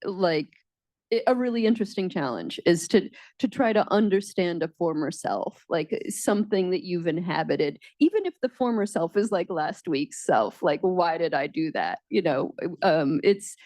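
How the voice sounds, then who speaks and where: A woman's voice: lowish voice, lively intonation, moderate pace, no echo. An American woman, a writer and co-teacher, talking reflectively in a casual onstage conversation. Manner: reflective, lots of soft backchannel murmurs. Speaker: writer and co-teacher at a panel talk.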